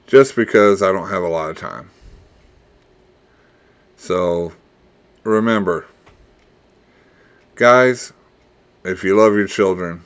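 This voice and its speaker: A man hosting his own podcast, talking in a reflective, rambling way with pauses and repeats, earnest and fatherly, and ending with blessings. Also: low voice. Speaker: podcast host. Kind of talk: casual solo podcast monologue.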